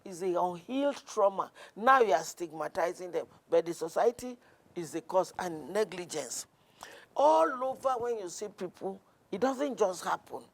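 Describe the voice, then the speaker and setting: A woman guest speaks earnestly about her clinic work, her voice carrying a gravelly texture. She tells stories at a measured pace, often restarting a sentence as she goes. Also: on the low side, expressive. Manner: earnest, storytelling, with frequent restarts. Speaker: guest counsellor. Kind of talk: conversational interview.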